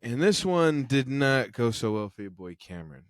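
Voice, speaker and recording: A man co-hosting a sports podcast in casual chat. His pitch sits mid-range and he throws in slang and repeated phrases. The room sounds dry and close, with no echo. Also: normal speed. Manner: animated, slangy trash talk with repeated phrases. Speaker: podcast co-host. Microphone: remote recording.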